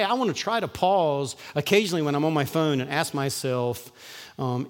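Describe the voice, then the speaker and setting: A man preaching a sermon in a casual, humorous style, slipping into quoted voices and jokes. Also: mid-range voice. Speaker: pastor. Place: church hall. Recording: long church-hall reverb.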